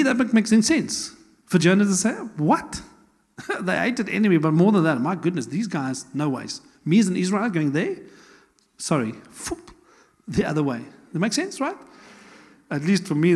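A man preaching a sermon as pastor, chatty and animated, with laughing asides and quick rhetorical questions. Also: fairly high pitch, slightly rough. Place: church hall. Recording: long church hall reverb.

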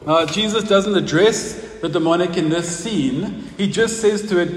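High-voiced preaching man in a roomy hall. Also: normal speed. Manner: conversational, asks the congregation questions, laughs at own stories. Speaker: pastor. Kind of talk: sermon. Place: church hall. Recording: roomy hall with long reverb, faint noise.

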